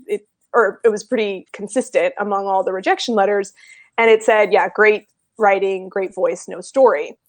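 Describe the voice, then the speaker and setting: A woman's voice: mid-range voice, no echo. A woman speaking as a guest author in an interview, chatty and self-deprecating. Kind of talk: casual interview answers.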